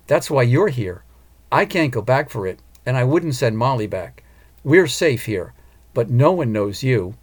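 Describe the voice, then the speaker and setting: A man's voice: medium pitch, sing-song, measured pace. A man voicing an earnest, determined woman opera singer and mother in an audiobook. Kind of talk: audiobook character voice.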